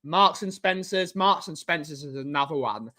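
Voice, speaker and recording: Bright-voiced chatty livestream host, a man. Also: a little high, expressive, normal speed. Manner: rambling, chatty, answers viewers by name. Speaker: livestream host reading chat. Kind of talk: casual live-stream chat.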